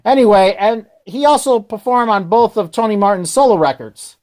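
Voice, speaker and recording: A man's voice: high voice, animated, normal speed, a little mellow. A man hosting a radio show, talking casually in a rambling, hesitant way and often correcting himself.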